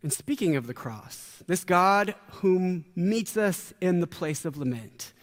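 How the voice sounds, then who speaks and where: A man preaching a sermon as a pastor, conversational with dramatic pauses and quoted voices. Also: sits high, animated. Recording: long hall reverb.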